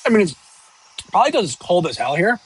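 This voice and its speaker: Young male streamer, somewhat high voice, off-the-cuff rambling banter. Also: big pitch swings, fast, a little hiss or hum, low-quality recording. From northern United States. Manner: rambling, joking, with many fillers and restarts. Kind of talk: casual live-stream chat reading viewer questions.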